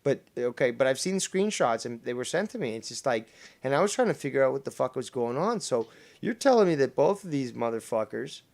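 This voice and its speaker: A young man hosting an online commentary chat, with a gravelly, fry-laden voice that swings up and down in pitch. He talks in an incredulous, heavily profane way throughout. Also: sing-song, brisk, few pauses, darkish tone. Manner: incredulous, swears constantly. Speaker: podcast host.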